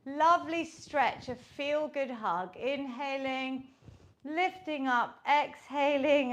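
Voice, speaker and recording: A British woman instructs a guided home workout class, cheering participants on and counting off the reps. Her voice sits high and her pace is slow, with dull audio.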